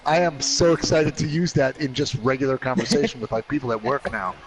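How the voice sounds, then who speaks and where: A man co-hosting casual video game commentary, excitable and rambling, swearing freely. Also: mid-range voice, fairly quick, poor audio. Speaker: podcast host and co-commentator. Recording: faint background noise.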